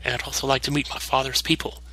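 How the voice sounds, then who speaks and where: A man voicing a repentant dark warrior who speaks in a grave, low-key way. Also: little pitch movement, quick pace. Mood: remorseful.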